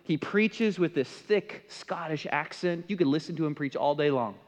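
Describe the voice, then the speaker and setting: A man's voice: on the high side, normal speed. A man from the Midwest, preaching a sermon as pastor and often asking the congregation questions. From American Midwest. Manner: emphatic, asks the congregation questions. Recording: long reverb of a large hall.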